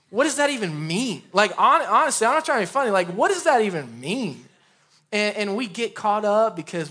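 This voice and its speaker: A young man preaching a sermon in a conversational, energetic way with casual asides, speaking in an empty room. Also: sits high, a little fast. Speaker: pastor.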